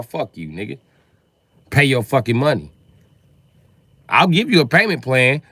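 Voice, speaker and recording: A male comedian rants through a live comic monologue. His voice swings widely, and its tone is bright and forceful. The sound is dry and close, and he acts out loud, profane scenes from everyday life. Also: dry recording. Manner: profane, animated storytelling that acts out both sides of conversations; jumps to loud high shouts when acting out scenes.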